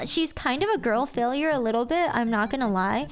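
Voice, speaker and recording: A woman's voice: sits high, normal speed, soft background music. A woman streamer chatting casually and playfully, swearing freely and acting out her friends' lines.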